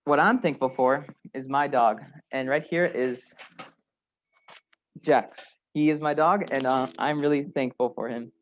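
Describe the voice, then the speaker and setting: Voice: mid-range voice, steady tone, a little slow, highs cut off, a little hiss or hum. A young presenter showing pictures and saying what they are thankful for, in simple, earnest sentences over a video call. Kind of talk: show-and-tell reading.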